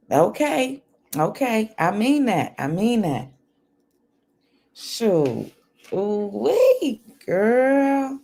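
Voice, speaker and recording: Older woman, home livestream host; unhurried delivery with lively pitch swings. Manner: chatty, animated, laughs often; talks softly at times. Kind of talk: casual chat with viewers. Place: home, indoors. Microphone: computer microphone.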